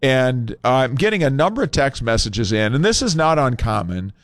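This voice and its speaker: A male talk radio host speaks loosely into a studio microphone, thinking aloud with scattered fillers. His voice is smooth and resonant, and it sits close and dry with no room sound. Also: mid-range voice, very animated, dry recording. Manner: conversational and unscripted, pausing with fillers.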